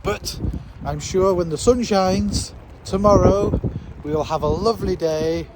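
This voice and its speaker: A man's voice: high voice, a little slow, very noisy. Chatty man vlogging outdoors. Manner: chatty, wry and self-mocking. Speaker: monster truck driver vlogging. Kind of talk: casual travel vlog. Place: outdoors at a show site and on a ferry.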